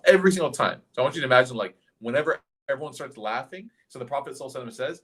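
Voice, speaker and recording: A man delivering a sermon as a story, casual in tone and quick to ask his listeners questions. His voice sits at a middle pitch, animated rather than formal. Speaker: religious teacher.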